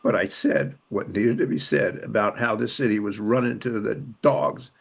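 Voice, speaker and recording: A man's voice: on the low side, moderate pace, vocal fry, breathy edge. An older man from Los Angeles, a former police officer and city councilman, telling his story with emphatic repetition and strong emotion. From Los Angeles, USA. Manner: emotional retelling, voice rising and dropping sharply. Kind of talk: conversational storytelling.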